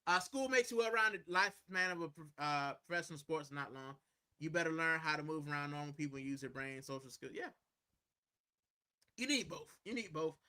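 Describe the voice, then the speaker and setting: A man hosting a live stream from a corner at home, his voice sitting high and sounding very bright and forceful. He rambles loosely and casually, answering viewers' comments and dropping "bro" into almost every sentence. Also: fairly quick, clean tone. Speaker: livestream host.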